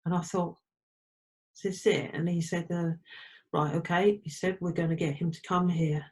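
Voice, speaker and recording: A woman's voice: fairly low pitch, steady tone, moderate pace, rough recording. A middle-aged woman from England, a trance medium, telling her story in a chatty way and acting out old conversations. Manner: chatty, quotes conversations, frequent restarts. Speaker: trance medium and spirit artist. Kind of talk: casual storytelling interview.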